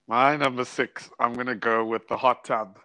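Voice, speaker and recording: A man's voice: medium pitch, steady tone, normal speed, pushed and bright, clear, resonant tone, rough recording. A South African man, a guest on a podcast, chatting casually, laughing often and trailing off as he hunts for words. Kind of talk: casual chat.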